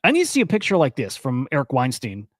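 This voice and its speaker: A man's voice: medium pitch, huge pitch swings, fast talker, no room sound, studio quality. A young man hosting a casual crypto news stream, talking in a loose, rambling and profane way and getting worked up as he goes. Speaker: crypto and NFT news host. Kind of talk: casual live-stream commentary.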